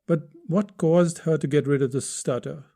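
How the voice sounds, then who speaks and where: A man's voice: fairly high pitch, moderate pace, dark tone. A man hosting a podcast lesson on writing, explaining step by step and posing rhetorical questions to the listener. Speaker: podcast host teaching writing.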